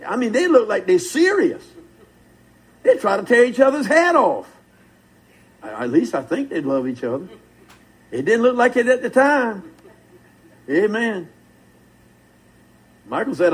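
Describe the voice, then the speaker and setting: High-voiced husky preacher. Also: male voice, big pitch swings, a little slow, long pauses, poor audio. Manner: fervent, folksy preaching with call-and-response. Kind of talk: sermon.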